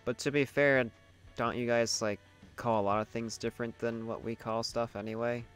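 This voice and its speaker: A man's voice: mid-range voice, little pitch movement, moderate pace, fairly bright tone, smooth, soft background music. A man streaming a game, reading chat aloud in a playful way and laughing easily.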